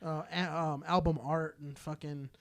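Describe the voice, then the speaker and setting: A man's voice: a little high, little pitch movement, normal speed, a bit bright. A man from Southern California co-hosting a podcast, ranting in a heated, rambling, profane way. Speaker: podcast co-host. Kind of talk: casual podcast rant.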